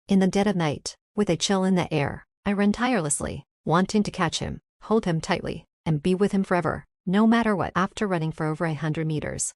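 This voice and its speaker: A woman reads a first-person story in a steady, somber way, her voice sitting on the low side. The sound is dry and close, with no room echo, in a clean audiobook reading. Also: brisk, few pauses. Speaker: narrator.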